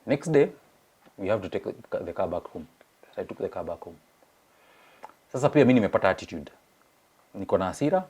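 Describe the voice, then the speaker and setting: A man's voice: lowish voice, quick pace, pauses often, husky. A young Kenyan man with a Kenyan accent, telling a personal story in a casual chat, mixing languages and acting out the people he quotes. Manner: animated, acts out quoted voices. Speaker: guest sharing his story. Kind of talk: casual storytelling in English and Swahili.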